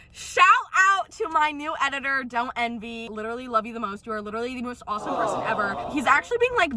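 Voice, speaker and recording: A young woman vlogging casually into her phone, telling animated stories about her dad with lots of "literally" and "like". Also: sits high. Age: young adult. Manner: animated, chatty storytelling with frequent "literally" and "like". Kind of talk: casual ranting vlog.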